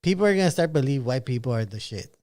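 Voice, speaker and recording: A man's voice: mid-range voice, lively intonation, quick pace, a little mellow. A man in casual chat, laying out an argument point by point.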